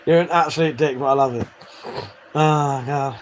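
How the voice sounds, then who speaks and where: A man's voice: a little high, normal speed, slight background noise. A British man chatting casually with viewers on a live stream, swearing freely and bantering. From United Kingdom.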